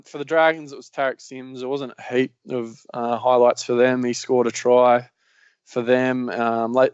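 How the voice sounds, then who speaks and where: A man's voice: medium pitch, darkish tone, clear, resonant tone, no room sound. A man with an Australian accent hosting a casual sports podcast, rambling along with lots of ums and yeahs. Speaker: podcast host. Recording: slightly muffled lo-fi recording.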